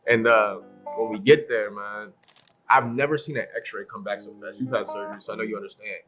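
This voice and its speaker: A man's voice: on the low side, fast talker, faint music behind. A man as a podcast guest telling a story in a casual way, acting out what others said and laughing often. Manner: animated, acts out the voices of people in his story.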